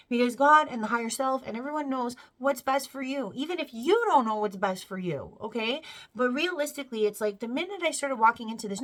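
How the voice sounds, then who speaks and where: A woman's voice: sits high, fairly bright tone. A woman in her thirties giving an earnest, rambling spiritual testimony to camera, full of fillers and tearing up as she speaks. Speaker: vlogger sharing a faith testimony.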